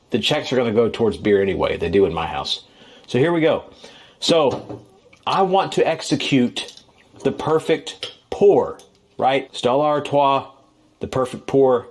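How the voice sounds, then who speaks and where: A man's voice: medium pitch, animated, normal speed. A man at home talking casually and playfully on video, chatty with a mock-serious edge. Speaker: comedian.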